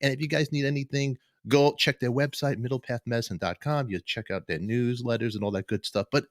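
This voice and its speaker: A man in his fifties hosting a casual live-stream chat show, joking and rambling with excitable energy. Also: medium pitch, a little fast, no room sound, studio quality. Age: 50s. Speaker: talk show host.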